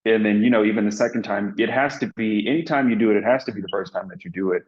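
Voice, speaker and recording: A man's voice: on the low side, fast talker, highs cut off. A man being interviewed as an actor, telling a story in an earnest, reflective way with many fillers and restarts.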